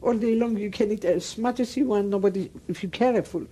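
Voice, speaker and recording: Elderly Greek woman with mellow voice. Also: mid-range voice, a little fast, breathy edge. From Greece. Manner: broken English, emphatic and repetitive storytelling. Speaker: Holocaust survivor interviewee. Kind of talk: oral history interview.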